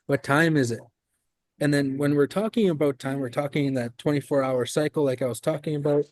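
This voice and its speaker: A man teaching a language class in a classroom, explaining patiently with relaxed fillers. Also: medium pitch, dry recording. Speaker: language instructor.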